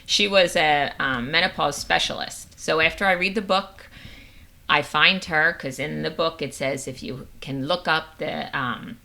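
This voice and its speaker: A woman in her fifties tells a story as a guest, with a gravelly edge and a low-set voice. Her tone stays bright and sharp. She plays out the voices of the people in her story. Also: unhurried. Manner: animated storyteller acting out quoted dialogue. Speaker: guest, nurse and menopause coach. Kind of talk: casual storytelling interview.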